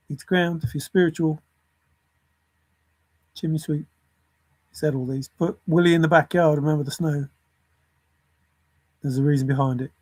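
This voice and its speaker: A man's voice: on the high side, fairly even intonation, measured pace, long pauses, darkish tone, no echo. A man rambling alone through lists of words and clues, chuckling to himself as he thinks aloud. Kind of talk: rambling solo puzzle musing.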